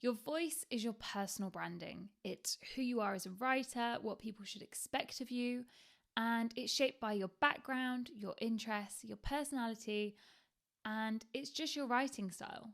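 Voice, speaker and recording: A woman's voice: a little high, normal speed, creaky, fairly bright tone. A woman teaching an online writing lesson in a casual, candid way, dropping in fillers like "like" and "um". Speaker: writing instructor.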